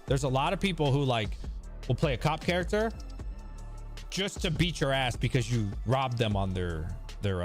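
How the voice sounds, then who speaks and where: A man with an American accent chatting casually on a stream, profane and laughing, acting out voices. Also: medium pitch. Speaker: crypto streamer.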